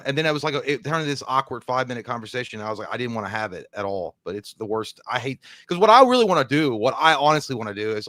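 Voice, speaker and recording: A man's voice: mid-range voice, lively intonation, rapid-fire, hardly any pauses, a bit bright, dry recording, studio quality. A man co-hosting a live stream, telling rambling stories in casual chat with frequent restarts and quoted asides. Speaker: podcast co-host.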